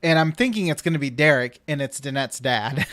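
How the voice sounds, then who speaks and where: A man's voice: a little high, brisk, fairly bright tone, no room sound, studio quality. A man hosting a podcast, telling a long rambling anecdote in casual chat and acting out what people said. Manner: rambling storyteller, acts out quotes. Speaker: podcast host.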